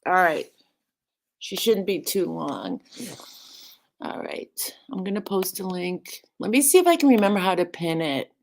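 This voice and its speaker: A woman's voice: lowish voice, big pitch swings, unhurried, vocal fry, darkish tone. A woman live streamer chatting casually, rambling and greeting viewers by name.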